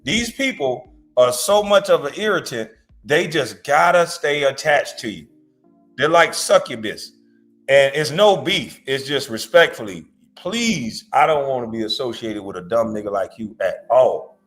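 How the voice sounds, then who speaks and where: A man's voice: mid-range voice, very animated, unhurried, fairly bright tone, faint music behind. A man hosting a reaction show, ranting bluntly and profanely, mocking his target. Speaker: host. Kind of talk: reaction commentary rant.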